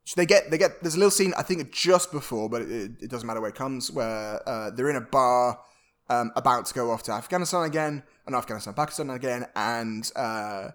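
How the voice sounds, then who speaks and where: A man's voice: mid-range voice, fairly quick, a bit bright. A man co-hosting a casual film podcast, recapping the plot with many fillers and restarts. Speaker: podcast co-host.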